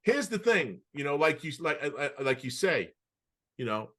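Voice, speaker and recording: A man with a bright, forceful voice co-hosts a casual podcast over a video call. He spins animated anecdotes, often stopping and restarting mid-sentence as he goes. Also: a little high, moderate pace. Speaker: podcast co-host. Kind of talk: casual storytelling chat.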